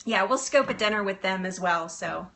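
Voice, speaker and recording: A woman's voice: medium pitch, expressive, moderate pace, gravelly, a bit bright. A woman hosting a live cooking stream from her kitchen, chatting in a bubbly way and answering viewers' comments. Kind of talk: casual live-stream chat.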